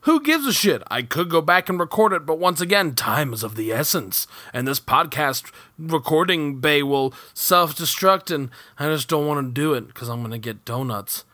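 Podcast host, man, solo aside from a home kitchen, rambling and self-mocking, lively up-and-down delivery, dry close sound. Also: a little high, moderate pace, no echo. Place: home kitchen recording setup.

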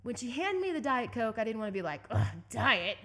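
A young woman from Southeast Texas telling a story as an interview guest, animated and laughing often. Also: on the high side, quick pace. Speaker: guest, endurance bike racer.

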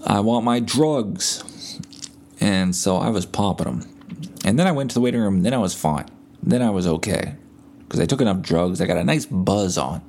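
Male podcaster, gravelly and laid-back, rambling and profane, buzzed from painkillers and bedridden at home. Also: lowish voice, expressive, moderate pace, a little mellow. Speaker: podcast host. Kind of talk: casual solo podcast storytelling.

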